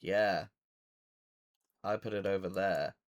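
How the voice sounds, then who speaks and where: A man's voice: low-pitched, steady tone, takes it slowly, dull audio. A man narrating as game master for a tabletop game, rambling with many fillers.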